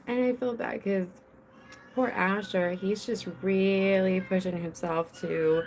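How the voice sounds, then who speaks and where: Young woman host, casual home podcast, slow drawl with vocal fry, restless and self-interrupting. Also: mid-range voice, steady tone, background noise. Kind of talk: casual solo podcast chat. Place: home with children nearby.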